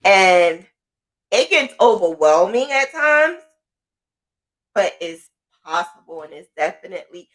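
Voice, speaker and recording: A woman's voice: mid-range voice, very animated, unhurried, pauses often. A woman hosting a podcast, telling her own story in casual talk and often repeating phrases for emphasis. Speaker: podcast host.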